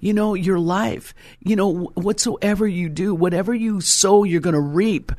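A man's voice: high voice, moderate pace, darkish tone, dry recording. A male pastor preaching an impassioned sermon and telling stories to his congregation.

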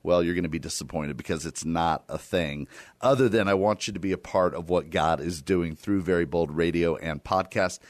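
A man hosting a Christian radio show, joking about himself in a playful, self-deprecating way while making a fundraising pitch. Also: moderate pace, dry recording. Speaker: radio host.

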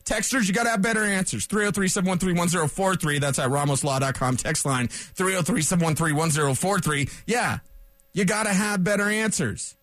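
Fired-up high-voiced sports radio man. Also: a little fast, dry recording. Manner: fired up, loud and rambling, sarcastic asides. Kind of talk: solo sports talk radio rant.

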